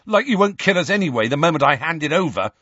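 A man's voice: mid-range voice, very animated, takes it slowly, husky, no room sound, lo-fi sound, full character voice. A man voicing a brave, desperate teenage boy wizard, tense and pleading. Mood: defiant.

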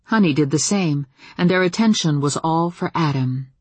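A woman reads a first-person novel aloud with a measured, dramatic delivery. Her voice has a husky edge. It sits close and dry on a studio mic. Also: sits low, no echo. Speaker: audiobook narrator. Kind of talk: first-person fiction narration.

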